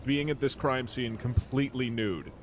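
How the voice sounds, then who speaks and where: Guy streaming a detective game, deadpan goofy jokes, music in the background. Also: mid-range voice, normal speed. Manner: playful, deadpan joking. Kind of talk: comedic gameplay commentary. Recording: music playing underneath.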